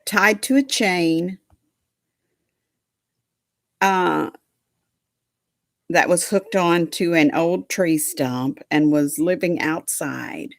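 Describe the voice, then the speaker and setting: A slow, unhurried woman chats to viewers from home, folksy and doting, with a lowish voice. Her talk drifts into baby talk with her dog, and the sound is close and dry. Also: creaky, no echo. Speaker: livestream host chatting with viewers. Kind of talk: casual chat to a live audience.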